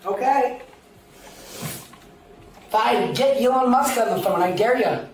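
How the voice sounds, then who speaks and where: A woman's voice: fairly high pitch, slow, darkish tone. Belligerent swearing woman on bodycam. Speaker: woman being arrested. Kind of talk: shouting at police on bodycam. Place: police arrest scene. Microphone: police body camera. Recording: echoey far-off bodycam audio with faint noise.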